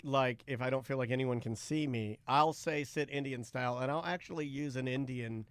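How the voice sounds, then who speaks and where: A man's voice: mid-range voice, normal speed, a bit bright, clear, resonant tone, dry recording. Wry man co-host, dry close mic. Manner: wry, short quips and agreements. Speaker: podcast co-host. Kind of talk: casual chat.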